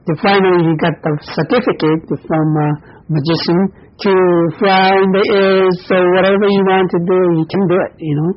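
A man giving a Buddhist dharma talk as teacher, in halting non-native English full of fillers and soft chuckles, with a husky voice. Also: sits high, fairly even intonation. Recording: dull lo-fi recording.

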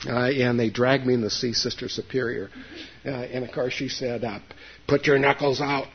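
An older man, a Zen meditation teacher, giving a dharma talk to a group in a halting, folksy way, with many fillers, restarts and asides to his listeners. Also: medium pitch, flat delivery, slight background noise. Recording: dull lo-fi recording.

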